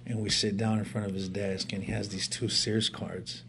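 A man's voice: fairly low pitch, level tone, moderate pace, a bit bright, a little hiss or hum. A man sharing his life story in an earnest, heartfelt way, using casual street slang and sometimes stammering as he restarts a thought. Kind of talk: personal storytelling.

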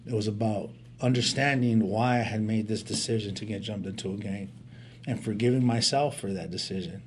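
A man with a fairly low voice talks a little fast as he earnestly shares where he's come from. He leans on street slang, stammers into restarts, and a faint hiss can be heard beneath.

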